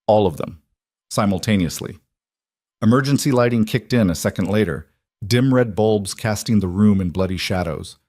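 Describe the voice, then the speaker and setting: Low-voiced man narrating suspense. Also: normal speed, dry recording, studio quality. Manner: steady, suspenseful reading. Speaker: story narrator. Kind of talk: scripted dramatic narration.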